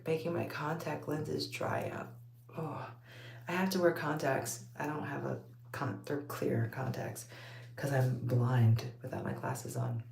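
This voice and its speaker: A woman with a Texas accent rambles to her viewers in a low, gravelly voice, laughing often as she chats late at night. The room is echoey and a faint hum sits behind her. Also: darkish tone. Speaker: vlogger talking to viewers. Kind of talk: late-night casual chat while taking out braids. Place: home at night, under a bright light.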